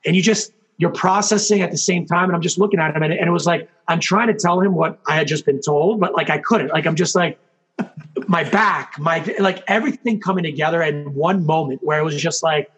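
A man telling his story as an interview guest, animated, acting out what people said, with lots of fillers. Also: a little high, fairly quick, slightly rough. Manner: animated storyteller, acts out quotes, many fillers. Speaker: guest, hockey coach and former player.

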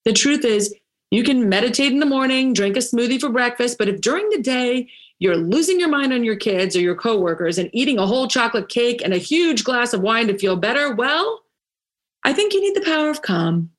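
A woman coach giving a motivational talk, emphatic and punchy, with dramatic pauses and playful asides, leading a breathing exercise. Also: fairly high pitch, animated. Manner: leads a guided breathing exercise. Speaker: women's coach.

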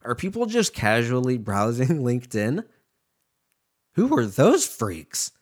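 A man's voice: mid-range voice, sing-song, takes it slowly. A man hosting a podcast, rambling casually and profanely from one tangent to the next. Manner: loose, profane, jumps between tangents. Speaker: podcast host.

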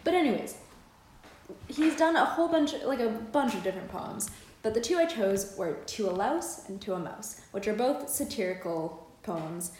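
A woman's voice: medium pitch, expressive, normal speed, a little mellow, a little hiss or hum. Woman podcast co-host, rambly and giggly, roomy echo. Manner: rambling, laughs often, many fillers. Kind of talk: casual chat and poetry reading.

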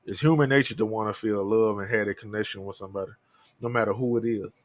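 A man's voice: fairly low pitch, steady tone, quick pace, no room sound. A man in his thirties hosting a podcast, talking alone in a candid, profane, rambling way. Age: 30s. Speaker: podcast host. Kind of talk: casual solo talk.

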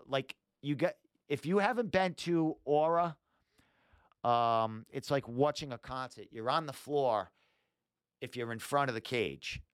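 Male podcast host, casual and rambling, swears a lot, smooth, clear voice, close dry mic. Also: medium pitch, dry recording. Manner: rambling, swears often, thinks aloud with many fillers. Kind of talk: casual livestream screen walkthrough.

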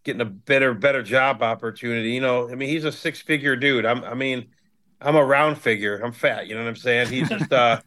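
This blunt, heavily profane storyteller is a hardcore band member in his fifties from Cleveland, USA, appearing as a guest in a casual podcast chat. His mid-range voice sounds brisk and sharp.

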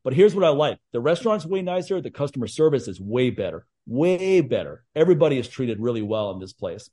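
A man hosting a casual chat, telling stories in a blunt, profane, animated way. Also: mid-range voice, fairly quick. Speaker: podcast host.

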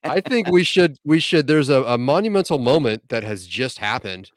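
A man co-hosting a casual podcast, setting up jokes deadpan and swearing casually. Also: medium pitch, normal speed, no echo, studio quality. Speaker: podcast co-host.

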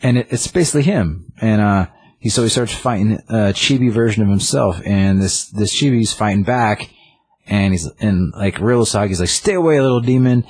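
Deep husky man rambling through a story. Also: moderate pace, darkish tone, no echo. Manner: rambling, filler-heavy, acts out characters' lines. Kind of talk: casual chat retelling a comic.

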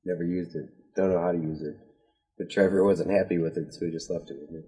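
A man's voice: deep voice, fairly even intonation, quick pace, mellow, low-quality recording. An easygoing man in a casual podcast chat, laughing often.

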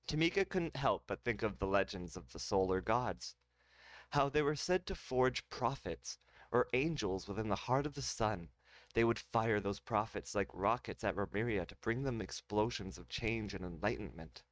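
A man's voice: on the low side, lively intonation, moderate pace, no echo. A man reading his own sci-fi serial aloud, casual and breaking off now and then for joking asides. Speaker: narrator of an audio drama.

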